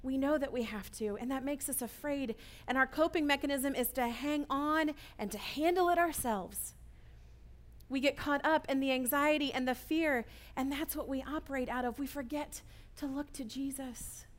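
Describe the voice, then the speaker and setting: A woman preaching an earnest sermon, often checking in with listeners with a quick "right?". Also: sits high.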